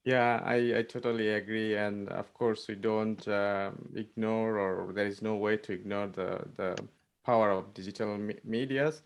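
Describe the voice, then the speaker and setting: A man with a fairly low voice moderates a webinar over a video call. He talks in a friendly but hesitant way, leaning on "you know" and "uh" between phrases. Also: fairly even intonation, unhurried. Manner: friendly, hesitant, with many fillers. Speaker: webinar moderator and faculty member. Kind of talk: casual webinar talk.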